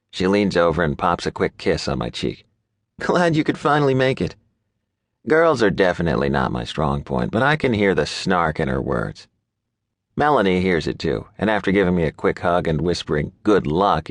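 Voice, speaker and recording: A man's voice: deep voice, no echo. A man narrating an audiobook in first person, in a wry and introspective manner.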